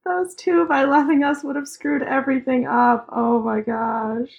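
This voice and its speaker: A woman with a somewhat high voice gushes through a casual book chat. She reacts quickly and laughs often, and her voice lifts when she gets excited. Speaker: podcast co-host. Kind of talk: casual book-discussion podcast.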